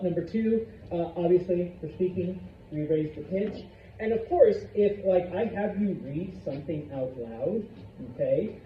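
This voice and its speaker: A male Spanish teacher giving a classroom lesson, animated and constantly checking in with the students. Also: fairly high pitch, a little hiss or hum. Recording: echoey classroom from far off, dull.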